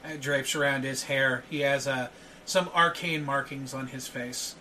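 A man's voice: mid-range voice, steady tone, a little slow, sharp tone, recorded from a distance, a little hiss or hum. A man narrating a tabletop game as game master, hesitant with frequent filler sounds.

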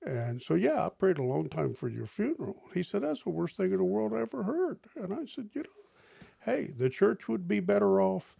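An older man, a pastor, telling stories in an interview, lively and jumping high in pitch when he quotes people. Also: moderate pace, creaky, husky, dry recording. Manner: animated storyteller, jumps high for quoted lines. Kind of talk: storytelling interview.

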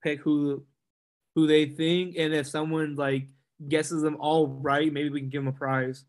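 A man co-hosting a casual sports chat, relaxed and a bit hesitant, with stumbling starts. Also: a little high, a little slow. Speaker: sports podcast co-host.

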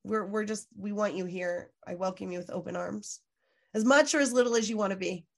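A woman talks as a guest on a podcast, in a mid-range voice that is neither high nor low. She is earnest and emphatic, leaning on "like" and restarting her sentences. She swears freely as she makes her points. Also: brisk, vocal fry. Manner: frequent "like" fillers, self-restarts. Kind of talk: candid podcast interview.

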